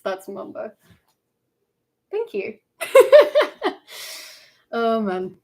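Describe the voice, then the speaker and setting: A woman's voice: medium pitch, very animated, drawn-out words, pauses often, a little mellow. A young woman streaming live in casual chat, playful and laughing often.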